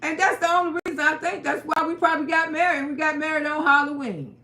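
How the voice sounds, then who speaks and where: A woman host telling a personal story to her live-stream viewers, profane and animated, laughing and tearing up as she talks. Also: high-pitched, fast. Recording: roomy echo.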